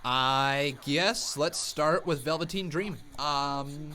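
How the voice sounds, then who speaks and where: A young man hosting a live watch-along stream, giving casual commentary that flares into loud excited outbursts. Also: on the high side, slow. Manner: excitable, bursts into loud shouts.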